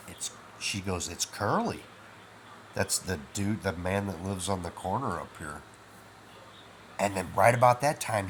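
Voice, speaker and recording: Man, middle-aged, low voice, drowsy, rambling casual storytelling, faint background hiss. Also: fairly bright tone. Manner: rambling, with many fillers like "you know" and "man". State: half asleep, drowsy. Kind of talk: casual first-person storytelling.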